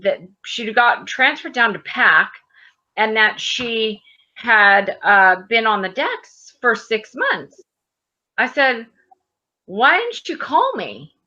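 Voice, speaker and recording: A woman's voice: a little high, sharp tone, highs cut off. A woman in her thirties telling a personal story in casual conversation, animatedly acting out the dialogue. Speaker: guest.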